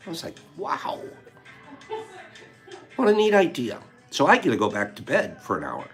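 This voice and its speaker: An older man hosting a casual talk, telling a fishing story in an animated way, acting out his friends' lines and chuckling as he goes. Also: a little high, moderate pace, pauses often, faint music behind. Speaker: host.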